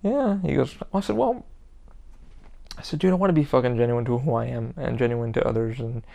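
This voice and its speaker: A man's voice: mid-range voice, a little fast, mellow. A man hosting his own podcast, talking in a rambling, emphatic way and swearing constantly. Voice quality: gravelly. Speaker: podcast host. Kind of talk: casual monologue.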